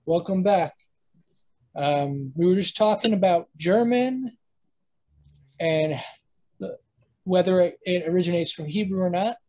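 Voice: medium pitch, a little slow, pauses often, dark tone, poor audio. A teacher giving a casual spoken lesson, rambling with many fillers and restarts and thinking aloud while explaining. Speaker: language teacher.

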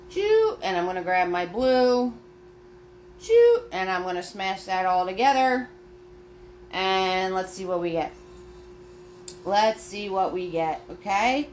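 A woman's voice: medium pitch, slight background noise. A woman leading a live-streamed painting class, chatty and upbeat as she talks viewers through each step. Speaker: paint party instructor.

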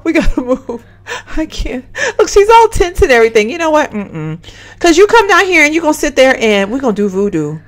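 A woman giving animated, exclaiming let's-play commentary and chatting straight to her viewers. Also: mid-range voice. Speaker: gaming channel host.

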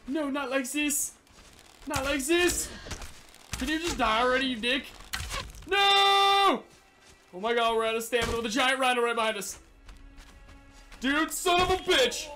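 A young man giving casual, excitable commentary on his video game, rambling, swearing and yelping at sudden danger. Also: very high voice. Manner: chatty rambling to animals in the game. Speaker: gaming channel host. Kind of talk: Let's Play commentary.

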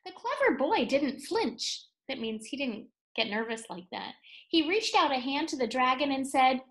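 A woman reading a children's picture book aloud, pausing to explain words and add playful asides. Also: high voice, animated. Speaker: read-aloud storyteller for children.

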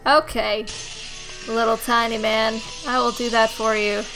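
A woman's voice: fairly high pitch, level tone, measured pace. A tipsy young woman giving brash, foul-mouthed let's-play commentary as the host. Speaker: gaming host. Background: game music.

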